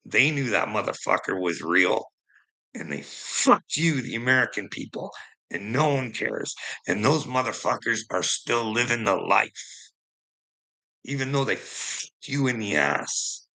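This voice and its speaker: A man's voice: fairly low pitch, expressive, a little slow, vocal fry, pushed and bright, rough recording. A man delivering a heated, profane rant to his viewers, confrontational and swearing constantly. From Canada. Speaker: streamer.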